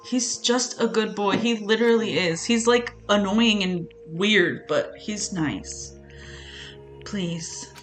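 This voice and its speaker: A woman's voice: mid-range voice, a little slow, few pauses, faint music behind. A young woman streaming a game, reading the narration aloud with playful, emotional reactions. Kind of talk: game let's-play, reading dialogue aloud.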